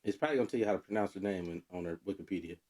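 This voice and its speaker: A man's voice: sits low, racing, mellow. A man co-hosting a podcast in casual, playful banter, easygoing and hedging. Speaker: podcast co-host.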